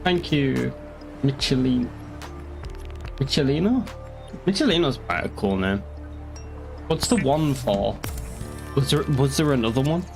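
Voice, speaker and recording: A man's voice: medium pitch, animated, measured pace, vocal fry, pauses often, a little mellow, faint music behind. A young man with a northeast English accent chatting casually on a game stream, rambling, swearing and answering chat. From northeast England.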